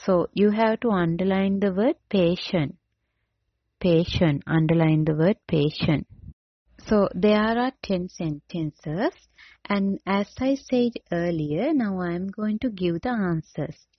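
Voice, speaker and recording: Woman teacher, very slow dictation, husky voice, dull lo-fi sound, dry. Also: lowish voice, no room sound. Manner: slow, deliberate, repeats each word and spells it out. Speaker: English teacher. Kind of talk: dictation lesson, spelling words letter by letter.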